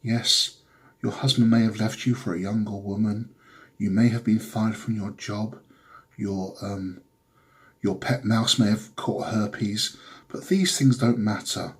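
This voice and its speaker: A man's voice: fairly low pitch, steady tone, unhurried, husky. A man playing a grandiose fake preacher with solemn, theatrical delivery in a comedy sketch. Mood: preachy.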